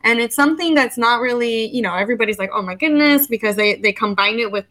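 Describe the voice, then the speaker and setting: A woman in her thirties from the United States, a guest on an interview show, talking in a casual, animated way and often acting out her own past words. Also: on the high side, quick pace, low-quality recording. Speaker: podcast guest, legal educator.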